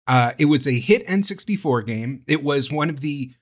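A man hosting a casual podcast about video games, talking in an animated, rambling way and swearing freely. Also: a little high, moderate pace. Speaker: podcast host. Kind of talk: casual chat.

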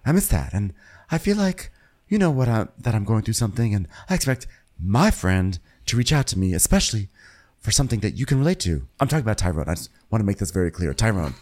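A man's voice: lowish voice, big pitch swings, fast talker, darkish tone. A man co-hosting a casual podcast, recapping a reality show and acting out quotes with exaggerated voices. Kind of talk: casual chat.

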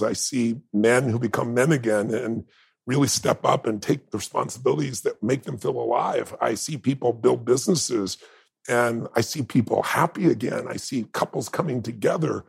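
A man with a heavily gravelly, rough-edged voice talks as a guest in a conversation. He tells stories with open emotion and firm emphasis, leaning hard into the moments that matter to him. His voice has a husky, breathy edge throughout. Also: mid-range voice, moderate pace. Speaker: interview guest. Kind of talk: heartfelt conversational storytelling.

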